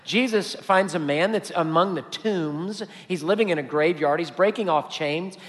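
Man, pastor, sermon, high voice, emphatic repetition, long hall reverb. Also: normal speed, fairly bright tone.

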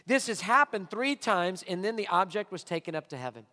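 High-voiced male pastor preaching in a hall. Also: lively intonation, fairly quick. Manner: emphatic preaching that swings from quiet to shouting. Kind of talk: sermon.

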